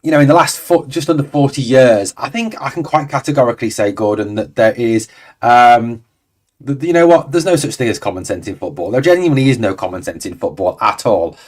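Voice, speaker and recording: A fan channel host in his 40s talks fairly quickly in an animated, mid-range voice. On his livestream he chats loosely, rambling over viewer comments and dropping exasperated remarks.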